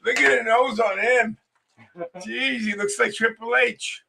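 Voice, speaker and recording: A man in casual chat at a signing, blunt and profane, with a gravelly voice. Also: very high voice, steady tone, measured pace, pushed and bright, a little hiss or hum. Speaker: guest wrestler at an autograph signing. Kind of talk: casual storytelling.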